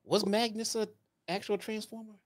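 A man's voice: high-pitched, level tone, normal speed. A man from Chicago co-hosting a casual wrestling review, playful and teasing. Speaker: podcast co-host.

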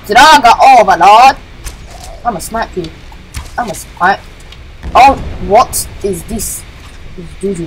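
A woman hosting a gaming channel, giving jokey, excitable let's-play commentary, yelling and chanting at the game as she plays. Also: medium pitch, a little hiss or hum, low-quality recording. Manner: jokey, self-mocking.

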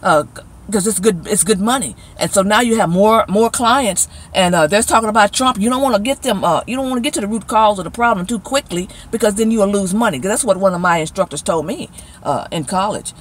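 Middle-aged woman, channel host, emphatic and scolding, mid pitch, talking straight to viewers. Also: fairly quick, low-quality recording. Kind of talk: casual spoken commentary.

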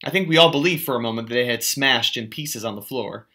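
Bright-voiced male teacher reading aloud. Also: mid-range voice, brisk. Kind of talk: audiobook reading of a novel.

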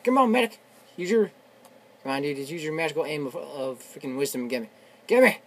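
A young man giving casual, excitable commentary while playing a video game, shouting and swearing, his voice worn from yelling. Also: on the high side, a little fast. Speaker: gamer. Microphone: tablet on a desk.

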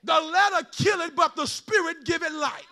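A man delivering a sermon in a very high, gravelly voice. He preaches in a sing-song rhythm, rising to shouts and dropping to soft, joking asides. He is folksy and funny with his congregation. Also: normal speed. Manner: preaching in a sing-song cadence that swings between shouted peaks and quiet asides; folksy and humorous. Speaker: pastor.

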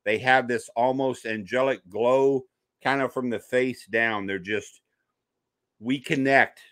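A man's voice: medium pitch, slow, dry recording. A man, a guest in a conversation, telling a personal story and acting out the voices he quotes. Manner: animated storyteller who acts out quoted voices. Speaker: podcast guest, paranormal investigator.

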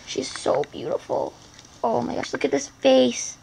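A teenage girl vlogging an unboxing in an excitable, gushing, rambling way. Her voice has a gravelly, fry-heavy edge at a middling pitch. The home recording carries clear background noise and handling clicks. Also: fairly quick, rough recording. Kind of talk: casual unboxing chat.

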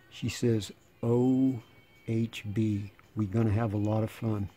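A man in his sixties, rambling and sarcastic in a casual monologue, slightly hoarse. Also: lowish voice, flat delivery, slow, dark tone, faint music behind. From United States. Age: 60s. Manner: sarcastic, rambling, laughing between lines. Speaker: channel host.

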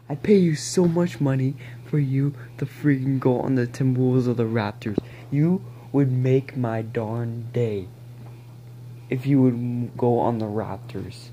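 A man ranting excitedly to camera at home, pleading and rambling as he begs and repeats himself. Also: mid-range voice, normal speed, a little hiss or hum. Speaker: vlogger. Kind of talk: excited fan rant to camera. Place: at home, near a balcony.

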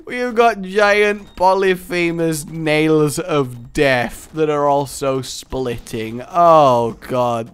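A man giving casual let's-play commentary, excitable and gleeful, laughing often. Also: fairly high pitch, slow, few pauses, clean tone. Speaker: gaming commentator.

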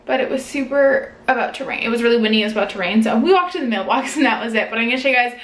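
A woman vlogging casually at home, gushing and excitable as she talks to the camera. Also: on the high side, rapid-fire, roomy sound. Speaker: lifestyle vlogger. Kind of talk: casual vlog narration to camera. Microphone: vlog camera mic.

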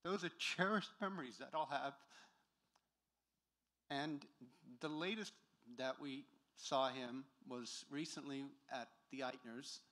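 Man giving a halting memorial tribute. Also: medium pitch, sharp tone. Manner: halting, searching for words. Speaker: family friend giving a tribute. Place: church.

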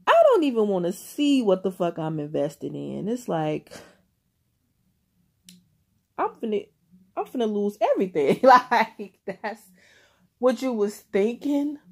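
Slow-talking, laughing, profane tarot reader woman. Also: mid-range voice, big pitch swings, vocal fry. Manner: profane, laughing often, speaking straight to the listener. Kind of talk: casual tarot reading to viewers.

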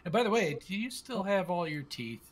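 A man's voice: high-pitched, big pitch swings, a little fast. A young man playing his character in a tabletop game, crude and joking, with a drawling delivery. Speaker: player. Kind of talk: casual in-character play. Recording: faint background noise.

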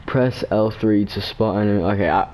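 A chatty man doing casual game commentary, rambling and joking as he plays. His voice is lowish and mellow. A faint hum of ambience sits behind him at the desk mic. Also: moderate pace. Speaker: gamer. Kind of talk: casual let's play commentary. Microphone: desk microphone.

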